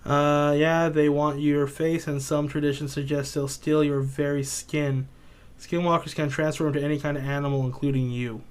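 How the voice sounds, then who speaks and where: A man's voice: on the high side, level tone, normal speed, clear, resonant tone. A man co-hosting a podcast in casual chat, rambling through a retold story with lots of swearing and filler words. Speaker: podcast co-host.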